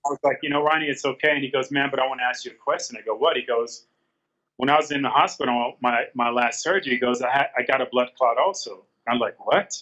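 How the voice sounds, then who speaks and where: A man's voice: mid-range voice, fairly even intonation, quick pace, bright, forceful tone, highs cut off. A man telling a personal story in a candid interview, earnest and repeating his phrases as he quotes past conversations. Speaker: guest.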